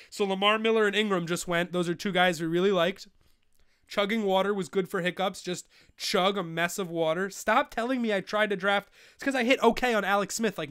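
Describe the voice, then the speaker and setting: A man's voice: high voice, clear, resonant tone, no echo, clean studio sound. A young man hosting a live fantasy football show, talking casually and ranting in frustration. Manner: excitable, swears, rants in frustration. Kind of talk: live-streamed casual commentary.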